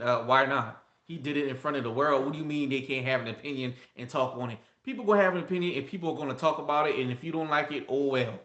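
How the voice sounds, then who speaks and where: A man's voice: a little high, quick pace, hardly any pauses, pushed and bright, roomy sound. A man chatting through celebrity gossip with strong opinions, repeating words and talking straight to his viewers. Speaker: gossip vlogger. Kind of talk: casual gossip commentary.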